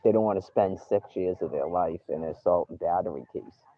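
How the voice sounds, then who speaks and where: Livestreaming from an outdoor campsite over a tinny, phone-like stream, a man with a deep voice talks briskly and casually. He rants with indignation and swears freely.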